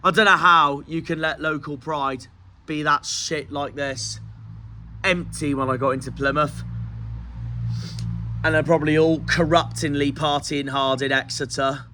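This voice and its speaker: A man with a Cornish accent vents about a football loss in a bitter, profane rant, repeating himself as he goes. His voice is bright and cutting. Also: a little high. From Cornwall. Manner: furious, sweary, repetitive ranting. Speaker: football fan vlogger. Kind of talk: angry post-match rant.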